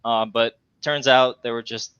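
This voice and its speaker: A man's voice: mid-range voice, fairly even intonation, unhurried, fairly bright tone, clear, resonant tone, dry recording. A man from Manila, co-hosting a casual comedic talk show, telling wry jokes in a laid-back way over a video call. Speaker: co-host. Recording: dull, dry video-call audio.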